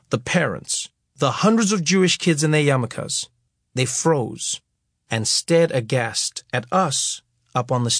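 A man's voice: a little high, husky, no room sound, studio quality. A man from Africa, narrating his memoir as an audiobook, acting out the scenes as he goes. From South Africa. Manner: lively storytelling that acts out scenes.

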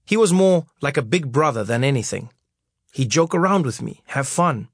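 A man's voice: medium pitch, animated, moderate pace, no echo. A man reading his memoir aloud, wry and storytelling, on a close studio mic. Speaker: narrator.

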